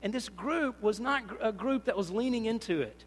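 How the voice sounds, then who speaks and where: Male pastor, high voice, animated sermon, long hall reverb. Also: normal speed. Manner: animated, acts out little scenes with voices.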